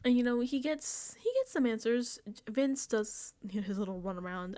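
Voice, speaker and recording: A woman's voice: medium pitch, moderate pace, mellow, no room sound. A woman casually recapping a reality show episode, chatty and laughing often, sometimes dropping into whispered asides. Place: indoors, home setup.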